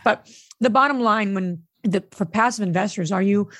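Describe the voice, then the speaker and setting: Her mid-range voice is a bit bright and moves at a moderate pace, captured with studio quality and no room sound. She's a middle-aged podcast co-host and real estate investor, openly recounting a story during casual talk, with moments of emotion.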